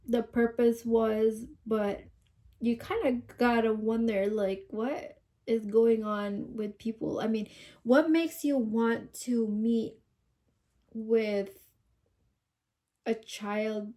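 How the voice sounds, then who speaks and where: Woman, commentary host, mellow tone, fairly high pitch, casual. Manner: musing, rhetorical questions.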